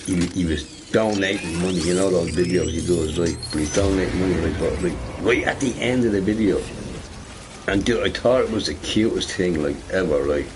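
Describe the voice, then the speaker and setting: A man with a low-pitched voice chats a little fast while streaming a game, rambling casually, often adding "right?" and swearing. The recording is noisy, with game sound in the background.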